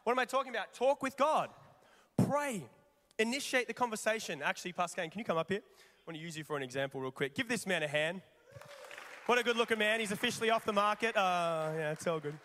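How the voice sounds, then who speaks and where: A man preaching a sermon, animated and conversational, putting rhetorical questions to his congregation. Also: sits high, fast. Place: large church hall. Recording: long reverb of a large hall.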